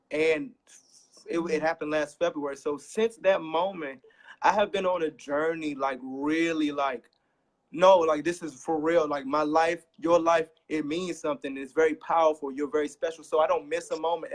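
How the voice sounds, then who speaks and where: A young man tells a raw personal story, voice catching as he fights back tears. He speaks earnestly and repeats phrases to drive a point home. His voice sits a little high for a man. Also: moderate pace. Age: young adult. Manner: earnest, repeats phrases, voice rising when emphatic. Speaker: guest sharing a personal story. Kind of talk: emotional personal testimony.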